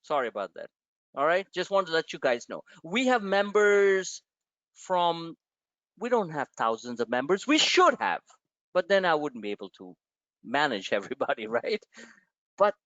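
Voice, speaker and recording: A man hosts a live stock-trading webinar in an emotional, impassioned motivational rant, blunt and with some swearing. His voice is on the high side and a bit bright with no echo, though the dry, lo-fi webinar audio sounds dull.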